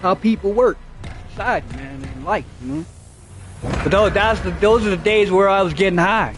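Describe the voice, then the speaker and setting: A man's voice: high-pitched, moderate pace, a bit bright, faint music behind. A man streaming a game, telling a rambling, profane story and repeating himself as he goes. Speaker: gaming streamer. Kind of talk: casual storytelling while gaming.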